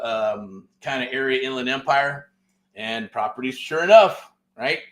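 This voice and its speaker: A man's voice: mid-range voice, lively intonation, normal speed, sharp tone. Profane, rambling real estate host, a man. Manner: loose and profane, with many fillers like "right?" and "man". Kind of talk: casual storytelling monologue.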